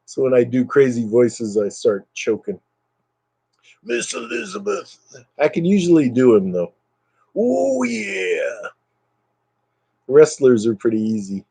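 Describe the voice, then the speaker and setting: A man hosting a casual livestream, low on energy and a bit fried in the voice, rambling as he answers viewers' comments. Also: expressive, normal speed, few pauses, dark tone, husky, no echo. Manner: rambling and chatty, reading out viewer comments, drifting into brief impressions. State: low energy, recovering from illness. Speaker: livestream host chatting with viewers. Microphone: computer webcam mic.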